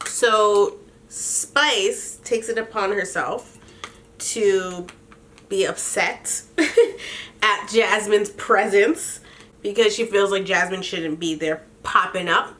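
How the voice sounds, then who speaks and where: A young adult woman hosting a casual comedic recap, sassy and animated, laughing often between lines. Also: mid-range voice. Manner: laughs often, sassy and animated, does quick mock voices. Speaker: podcast host recapping a reality show.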